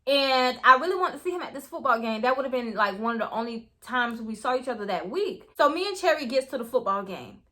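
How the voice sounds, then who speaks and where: A young woman telling a story in a casual, animated way. She swears freely and keeps talking straight to her viewers. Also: a little high, quick pace, hardly any pauses. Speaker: storytime vlogger.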